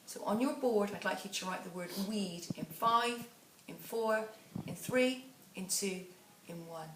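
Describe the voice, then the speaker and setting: A woman teacher giving a phonics dictation lesson, counting down and sounding out words slowly and patiently. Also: medium pitch. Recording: echoey room, voice a bit far from the mic, faint background noise.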